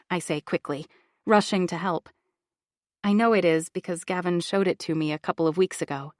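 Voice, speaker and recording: A woman reading a first-person audiobook thriller in an expressive, confiding inner-monologue style. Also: on the low side, moderate pace, no room sound, studio quality. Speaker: audiobook narrator.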